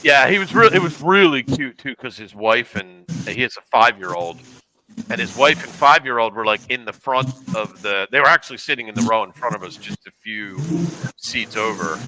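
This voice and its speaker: A man's voice: medium pitch, expressive, moderate pace, pushed and bright, slight background noise, low-quality recording. A man chatting casually on a podcast and telling rambling anecdotes with asides. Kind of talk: casual chat.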